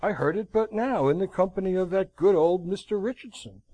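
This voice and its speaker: A man voicing a stern, blunt middle-aged army colonel in an audiobook, speaking curtly and gravely. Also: high voice, fairly quick, mellow, dry recording, voice pushed up. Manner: curt, grave, frank.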